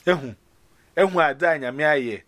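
A man's voice: on the high side, normal speed, fairly bright tone. A man from Ghana rambling casually on a phone call, slipping between English and Akan.

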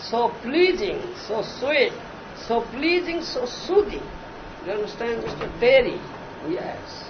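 High-voiced slow guru prodding listeners. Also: male voice, sing-song. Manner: repetitive, emphatic, often asks "huh?". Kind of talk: devotional lecture with disciples. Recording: muffled noisy archival recording.

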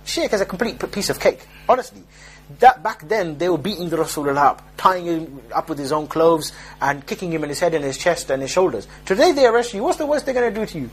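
A man's voice: a little high, breathy edge. A young man giving an informal religious talk, telling jokey street stories and mimicking the people in them. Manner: joking, streetwise storytelling with mock voices. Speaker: preacher.

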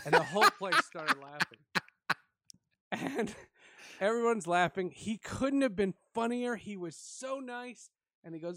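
A man casually telling an animated story with frequent laughs. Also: high voice, normal speed, dry recording, clean studio sound.

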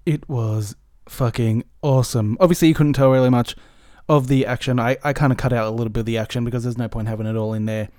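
A man's voice: mid-range voice, fast, hardly any pauses, no echo, clean studio sound. A man hosting a podcast, chatting casually about a favourite TV scene. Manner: relaxed, chatty, some swearing. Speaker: podcast host.

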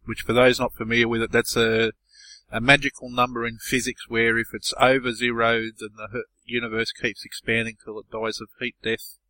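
Male podcast panelist, explanatory, bright voice, dry close recording. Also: mid-range voice, flat delivery, moderate pace, no echo, low-quality recording. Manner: explanatory, lays out science plainly. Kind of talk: casual chat.

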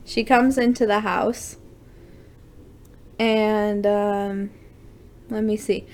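A woman's voice: medium pitch, steady tone, extremely slow, long pauses, a little mellow. A woman podcast host casually reading fan fiction aloud with playful, dramatic asides.

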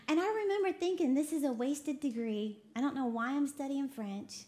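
A woman from Texas preaching a lively sermon, laughing often and quoting voices as she talks. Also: high-pitched, normal speed. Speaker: preacher co-hosting a broadcast. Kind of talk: sermon to a women's audience.

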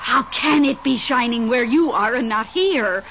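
Melba, a lonely haunted widow. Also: female voice, a little high, a little slow. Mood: uneasy. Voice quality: lively, easily startled. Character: lonely widowed woman haunted by her late husband. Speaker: actor in a radio drama. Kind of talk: 1970s radio drama acting. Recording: dull hissy old radio recording.

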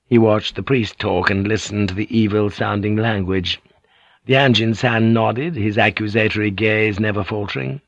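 Deep-voiced male narrator, steady and measured, dry studio read. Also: no echo. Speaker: audiobook narrator. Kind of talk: scripted narration.

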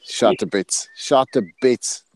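Fella, punchy and sweary, dry close mic. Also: male voice, mid-range voice, slow, a little mellow, dry recording. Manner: emphatic, profane. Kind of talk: casual boxing chat.

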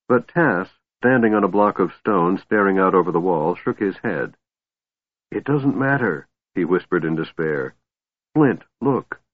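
A man narrating a fantasy audiobook in a steady storytelling voice. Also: sits low, no echo. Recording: tinny phone-like sound, dry.

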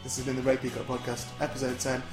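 A man's voice: medium pitch, monotone, fast, echoey room, music in the background. A man hosting a comedy podcast, teasing his co-host, swearing and laughing often. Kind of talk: jokey banter podcast.

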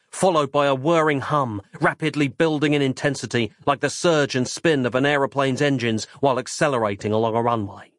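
A man's voice: medium pitch, no echo, studio quality. Dramatic male audiobook narrator. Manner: dramatic, measured reading.

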